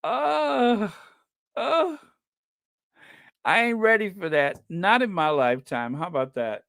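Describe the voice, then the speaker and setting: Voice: mid-range voice, very animated, normal speed, a bit bright, dry recording, clean studio sound. A livestream host reading the chat in a casual, chatty way, laughing often and stretching out repeated no's.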